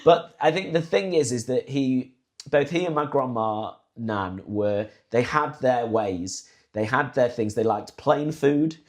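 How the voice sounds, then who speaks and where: Animated male podcast co-host. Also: mid-range voice, measured pace. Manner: animated storyteller, imitates relatives in raised voice. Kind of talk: casual chat.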